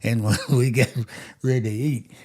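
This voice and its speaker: A man in his eighties, a grandfather, telling a family story in a lively way, laughing as he goes and acting out the quotes. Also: mid-range voice, moderate pace. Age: 80s. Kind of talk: casual storytelling.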